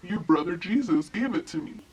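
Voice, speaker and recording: Woman doing a creepy teen boy: low, breathy, deadpan, slow. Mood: flat. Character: awkward creepy teenage boy classmate.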